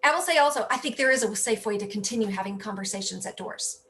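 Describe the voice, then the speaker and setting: A woman who ran for office, talking as a guest in a casual interview, telling stories in an animated way and often correcting herself mid-sentence. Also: medium pitch, fast, a little hiss or hum. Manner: animated storytelling, self-correcting. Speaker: political candidate, guest.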